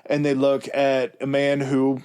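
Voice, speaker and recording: A man's voice: mid-range voice, completely flat delivery, measured pace, a little mellow, clean tone. A man co-hosting a history podcast, reading off dates and numbers in casual chat with crude jokes and frequent laughter. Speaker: podcast co-host.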